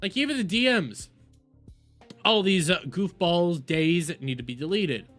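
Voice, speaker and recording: Woman streamer, lively swooping pitch, exasperated rant, repeats herself; soft music under. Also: a little slow. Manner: exasperated ranting with repeated words. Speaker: streamer reacting to posts. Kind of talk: livestream reaction commentary.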